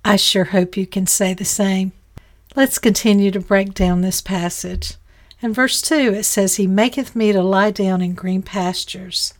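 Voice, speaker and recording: A woman's voice: medium pitch, steady tone, a little slow. A woman giving a devotional Bible teaching in an earnest way, with folksy asides now and then.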